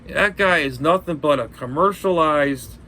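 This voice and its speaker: Blunt, ranting man with a bright voice. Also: fairly high pitch, unhurried, a little hiss or hum. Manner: ranting, blunt, cursing, repeats himself. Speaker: ham radio vlogger. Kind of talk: rambling casual chat. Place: at home.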